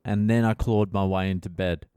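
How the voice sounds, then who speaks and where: A middle-aged Australian comedian hosting a casual podcast monologue, ranting in a profane, wry way. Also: male voice, low-pitched, fairly even intonation, moderate pace, dark tone, clean tone, dry recording, studio quality.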